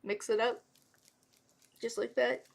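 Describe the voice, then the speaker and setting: Woman in her 30s doing tarot on a live stream, slow and a bit gravelly, noisy room with cards shuffling. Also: fairly high pitch, little pitch movement. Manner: chatty, emotional, talks to the cards and spirits. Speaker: tarot reader.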